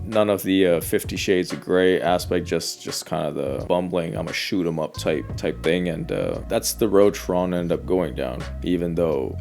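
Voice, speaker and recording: A man's voice: deep voice, vocal fry, a little mellow. A man giving blunt, ranting reaction commentary on online comments and swearing freely.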